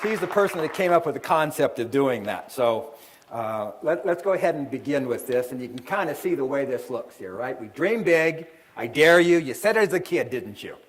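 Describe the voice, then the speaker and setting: A man's voice: medium pitch, sing-song, brisk, a faint crowd, slight background noise. A middle-aged man, an author and seminar speaker, telling a story to a live audience and acting out the voices in it. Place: event hall with an audience.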